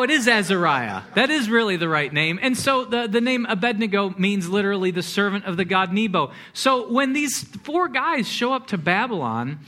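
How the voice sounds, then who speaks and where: Animated higher-voiced male preacher. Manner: animated preaching with repeated words and quoted asides. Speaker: pastor. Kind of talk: sermon.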